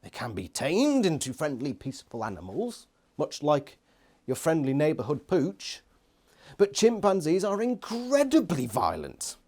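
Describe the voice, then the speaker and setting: A man's voice: on the high side, huge pitch swings, a little slow, darkish tone, husky. A man giving an exasperated, sweary, sarcastic book review rant. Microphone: phone nearby.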